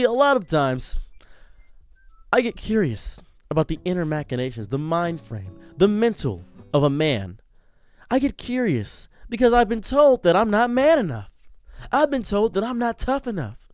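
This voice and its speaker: A male streamer and commentator delivers a sarcastic, comedic rant in a mock-macho style, swinging between booming lines and muttered asides. There is no room sound.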